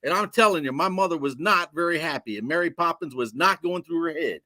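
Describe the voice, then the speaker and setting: Man comic, high voice, incredulous rant, dry video-call audio. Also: fairly quick, pushed and bright, no room sound. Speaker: comedian.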